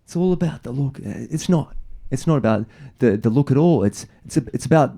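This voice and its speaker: A man's voice: medium pitch, lively intonation, brisk, creaky, warm tone. A young adult man from Australia doing a stand-up comedy set, telling rambling, self-mocking stories full of repeated words. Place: comedy venue with live audience.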